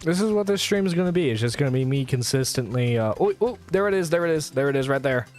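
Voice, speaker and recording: A man's voice: mid-range voice, expressive, fast talker, a little mellow, faint music behind. A man hosting a casual gaming livestream, chatty and rambling while he plays. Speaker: streamer host.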